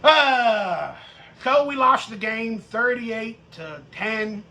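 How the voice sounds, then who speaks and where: A man hosting a live-stream fan rant about football, profane and mocking, with bursts of shouting. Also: high voice, animated, extremely slow. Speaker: sports podcast host.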